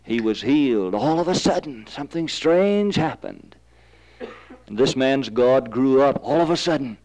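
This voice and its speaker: A man's voice: medium pitch, expressive, a little slow, darkish tone, rough recording. A man preaching a sermon, telling stories and rising to fervent emphasis.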